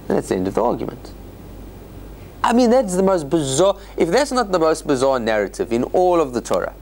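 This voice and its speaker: Lively joking rabbi, man. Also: fairly high pitch, fairly quick, creaky. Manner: animated, joking asides. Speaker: rabbi teaching Torah study. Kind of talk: informal Bible lecture.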